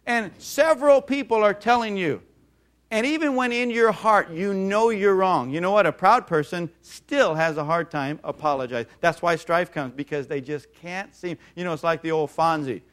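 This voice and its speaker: A middle-aged male pastor preaching a sermon, telling funny family stories with animated voices and frequent chuckles. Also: high-pitched, normal speed. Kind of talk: sermon with storytelling.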